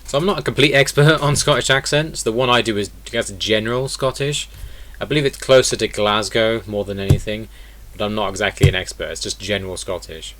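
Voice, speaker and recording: A man's voice: fairly low pitch, brisk, fairly bright tone, slight background noise. A man teaching an online lesson in a casual way, explaining step by step and repeating example words. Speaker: accent teacher.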